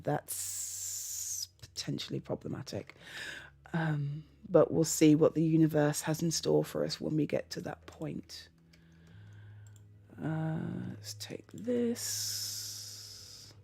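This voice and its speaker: A woman chats her way through a game session on a desk mic, her low voice edged with gravel. She rambles, laughs often and drops into muttered asides, with a lively, swooping delivery. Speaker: gaming channel host. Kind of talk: casual gameplay commentary.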